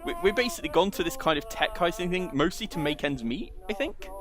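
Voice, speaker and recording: A man's voice: a little high, lively intonation, fast talker, over music. Chatty man doing game commentary. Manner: chatty, rambling, reads game text aloud. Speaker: let's play gamer.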